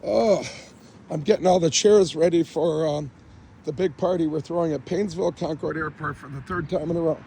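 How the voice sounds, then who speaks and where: A man's voice: fairly high pitch, steady tone, fairly quick, creaky, warm tone, husky, rough recording. A man casually giving a rambling, joking tour of his cluttered space, talking straight to a friend.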